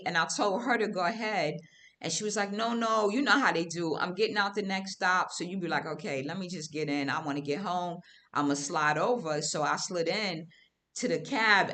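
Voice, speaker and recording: A woman hosting a livestream, telling a story to her viewers in casual, animated, slangy talk. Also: medium pitch. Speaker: livestream host. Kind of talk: casual storytelling to a live audience.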